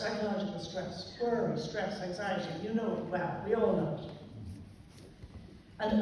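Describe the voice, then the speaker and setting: A woman giving a public talk on aging to a live audience, explaining emphatically and now and then clearing her throat or coughing. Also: mid-range voice, a little mellow, a little hiss or hum. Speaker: lecturer on aging. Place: large warm hall with an audience. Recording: echoey hall, voice from far off.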